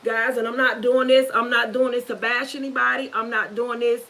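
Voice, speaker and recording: A woman on a live stream, nervous and holding back tears, talking in a halting, earnest way with many restarts. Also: fairly high pitch, little pitch movement, sharp tone, low-quality recording. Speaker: YouTuber. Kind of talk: emotional live-stream talk.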